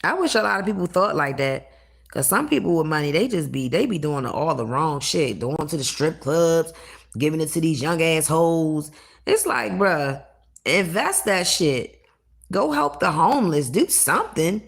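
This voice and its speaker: Low, gravelly, blunt-talking woman. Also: moderate pace. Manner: blunt, profane, animated storytelling. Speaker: livestreamer. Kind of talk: casual livestream chat.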